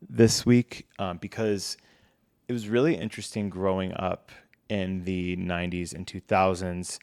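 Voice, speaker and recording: A man's voice: low voice, dry recording, clean studio sound. A young adult man hosting a casual solo podcast, chatty and conversational, with frequent fillers. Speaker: podcast host.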